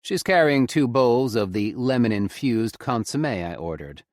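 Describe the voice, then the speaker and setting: A man narrating a romance audiobook in the first person, with a low, intimate storytelling delivery on a close studio mic. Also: expressive, moderate pace, no room sound.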